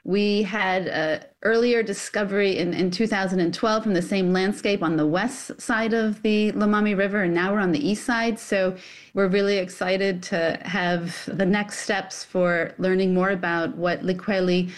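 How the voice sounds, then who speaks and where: A woman scientist speaking enthusiastically in an interview clip. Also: mid-range voice. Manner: enthusiastic, descriptive.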